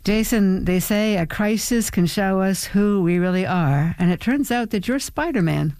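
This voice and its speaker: A woman's voice: medium pitch, normal speed, a little mellow, clean tone, no echo. A woman interviewing a guest on radio in a playful, questioning way.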